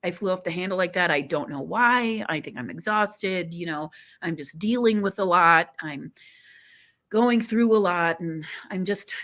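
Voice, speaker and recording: A woman's voice: lowish voice, unhurried, a bit bright. A woman voicing an exhausted, apologetic woman.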